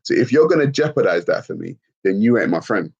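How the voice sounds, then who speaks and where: Brief: man, low husky voice, blunt and profane livestream host, dull lo-fi audio. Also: brisk. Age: adult with children. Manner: blunt, profane, animated, laughs often. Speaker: livestream host reading chat comments. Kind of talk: casual livestream talk.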